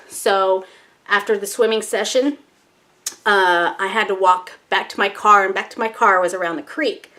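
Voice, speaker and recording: Woman, vlogger, casual storytelling, animated, self-mocking, mid pitch. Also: a little slow. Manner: chatty and animated, acts out her own panicky thoughts; swears casually, laughs at herself.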